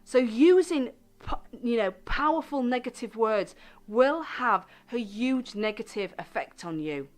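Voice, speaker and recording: A woman hosting a self-help radio show, speaking gently and deliberately and stressing key words. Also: fairly high pitch, animated, faint music behind.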